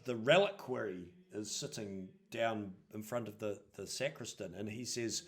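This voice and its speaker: A man's voice: on the low side, moderate pace, hardly any pauses, fairly bright tone. A man narrating a tabletop role-playing game as game master, hesitant and full of ums.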